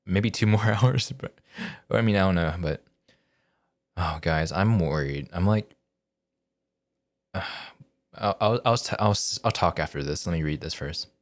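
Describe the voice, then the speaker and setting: A man with a notably low voice talks casually to his stream while playing a story game. He thinks aloud, hesitating and restarting his sentences often. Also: a little slow, long pauses. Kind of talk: casual live-stream commentary.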